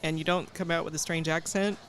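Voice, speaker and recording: Woman, interview guest, calm and matter-of-fact, casual chat. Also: low voice, a little fast. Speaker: guest, business founder.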